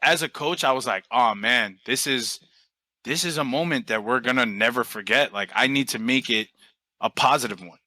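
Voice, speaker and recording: Guest spot: young New man, bright voice, dry close sound, loose storyteller who swears casually. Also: mid-range voice, normal speed, dry recording, low-quality recording. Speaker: podcast guest, team coach.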